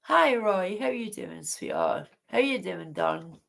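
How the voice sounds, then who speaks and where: A woman speaks in a slow, drawn-out way while hosting a casual livestream from home late at night. She rambles and sounds indignant, breaking off to greet viewers in her chat. Her pitch sits in an ordinary middle range. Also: wildly swooping pitch, vocal fry, a bit bright. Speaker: livestream host.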